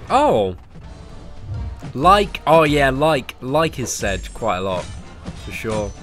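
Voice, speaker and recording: A young man with a southern English accent chats loosely during a live stream, stumbling over restarts and dropping casual slang. His pitch swings up and down with plenty of life, and faint music plays behind him. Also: big pitch swings, takes it slowly, a bit bright. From Surrey, southern England. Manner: rambling, stammering restarts, chatty slang. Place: parents' garden, outdoors.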